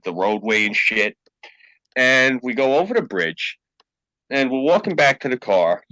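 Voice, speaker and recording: A man's voice: mid-range voice, dry recording, low-quality recording. A man hosting a podcast, telling a story in a casual, profane way. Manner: profane, animated anecdote-telling. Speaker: podcast host.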